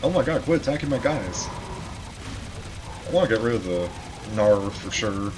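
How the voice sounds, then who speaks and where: A man's voice: lowish voice, lively intonation, normal speed, background noise. Casual man narrating his gameplay. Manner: chatty, swears, laughs at himself. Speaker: gamer. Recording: game music behind. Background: game music and keyboard typing.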